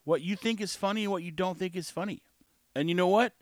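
A man's voice: high voice, fast, no room sound, studio quality. A man giving a blunt, sarcastic opinion monologue, slipping into acted voices.

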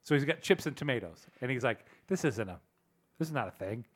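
This podcast host has a medium-pitched voice that's a touch bright, and he talks briskly and with energy. In easygoing chat, he spins meandering tales and voices each person who appears in them.

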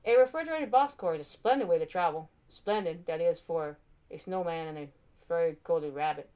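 A woman narrating a children's storybook aloud with expressive, animated delivery. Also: on the low side, brisk, clean tone.

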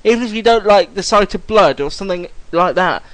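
A man's voice: high-pitched, lively intonation, fairly quick, a bit bright, dry recording, low-quality recording. A man co-hosting a casual chat, enthusiastic and rambling with restarts. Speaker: podcast co-host.

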